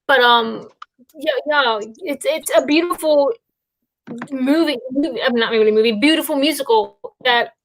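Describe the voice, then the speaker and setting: A woman's voice: sits high, moderate pace. A woman hosting a casual chat about musicals, rambling with lots of fillers and restarts. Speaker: podcast host.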